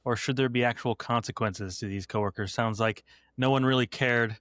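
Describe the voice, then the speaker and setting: A man's voice: medium pitch, fairly even intonation, normal speed, fairly bright tone, no echo. Man with dry quips. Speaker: podcast co-host. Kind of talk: casual podcast chat.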